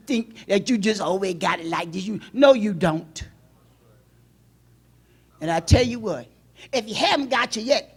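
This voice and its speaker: A woman pastor preaching a sermon in a church, swinging between loud emotional outbursts and hushed, low passages. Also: husky.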